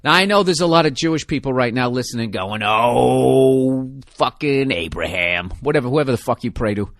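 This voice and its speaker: A man's voice: mid-range voice, expressive, fast talker, a bit bright, no room sound, clean studio sound. A man hosting a podcast, riffing in a rambling, profane, self-mocking comedic monologue. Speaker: podcast host.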